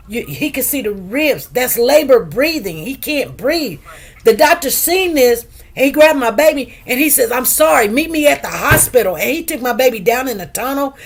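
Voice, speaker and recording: A woman with a high voice hosts a casual talk show. She talks in an emphatic, animated way and acts out the people she quotes. She sounds middle-aged. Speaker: show host. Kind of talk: casual chat storytelling.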